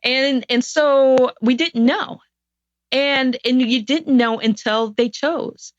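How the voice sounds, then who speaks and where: A woman's voice: high-pitched, slow pace, dry recording. A woman guest on a podcast interview, telling a personal story in an earnest, reflective way with frequent restarts. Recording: dull, dry sound.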